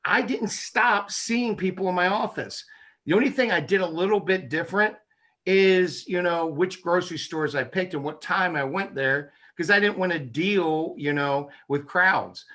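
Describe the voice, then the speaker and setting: A man's voice: sits high, moderate pace, bright, forceful tone. A man speaking as an interview guest, making his points in an emphatic, persuasive way. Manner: emphatic, persuasive, punchy repetition. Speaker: guest, chiropractic neurologist. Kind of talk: casual interview chat.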